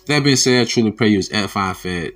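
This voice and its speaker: A man hosting a casual spiritual talk, telling stories loosely and jumping from loud quoted voices to quiet asides, with frequent laughs. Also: fairly low pitch. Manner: laughs often between sentences. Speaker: religious video host.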